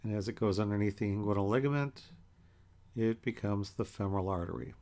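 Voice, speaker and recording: A man teaching an anatomy lecture in a relaxed, conversational way as he points through pictures. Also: fairly low pitch. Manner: relaxed and conversational, with many fillers and pauses. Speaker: anatomy instructor.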